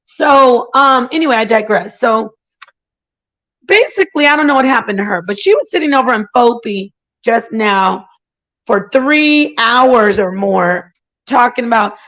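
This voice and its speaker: A woman with a fairly high voice rants casually and indignantly to her stream. She tells her story in a run of quick asides and now and then mocks other people with sugary impressions. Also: a bit bright, rough recording. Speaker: channel host. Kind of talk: casual livestream rant.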